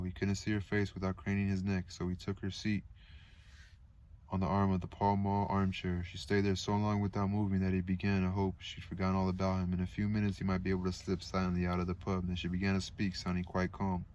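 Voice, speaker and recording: A man reading a novel aloud in a calm, steady way, with occasional casual asides. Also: deep voice, fast. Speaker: audiobook reader.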